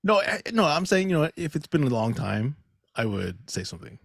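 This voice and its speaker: A man co-hosting a casual comedy podcast, chatting in an animated way and often asking "you know what I mean?". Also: on the high side, brisk, vocal fry, no room sound, studio quality.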